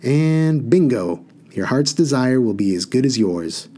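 A man voicing a brisk, fussy male water genie who speaks in clipped, slangy stock phrases. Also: mid-range voice, animated, mellow. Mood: urging.

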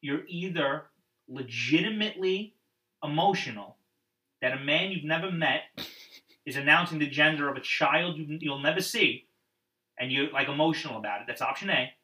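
Sarcastic guy ranting about wrestling, kinda bright sharp voice, sounds far from the mic in an echoey room. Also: fairly high pitch, moderate pace. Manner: sarcastic, mocks people with put-on quotes. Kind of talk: casual wrestling chat.

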